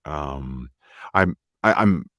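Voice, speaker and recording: Middle-aged Southern-raised narrator guest, booming low voice, halting and restarting, dry close sound. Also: male voice, expressive, fairly bright tone, no echo. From American South. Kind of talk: casual interview chat.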